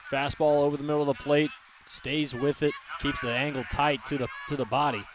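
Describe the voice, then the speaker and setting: A man giving color analysis on a baseball broadcast, relaxed and analytical, breaking down each hitter's approach. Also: fairly high pitch, brisk, slight background noise. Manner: relaxed, analytical, level delivery. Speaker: color commentator.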